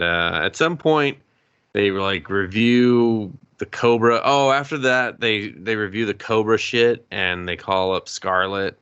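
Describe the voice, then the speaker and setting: Bright-voiced man ranting about a movie. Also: fairly low pitch, clean tone, muffled recording. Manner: profane, ranting, jokey. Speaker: podcast co-host. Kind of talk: casual movie review chat.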